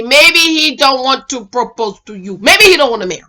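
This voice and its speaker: A woman's voice: high voice, expressive, normal speed, bright, forceful tone. A woman reviewing a TV show in casual recap commentary, emphatic and sassy. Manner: emphatic, sassy, quotes people dramatically.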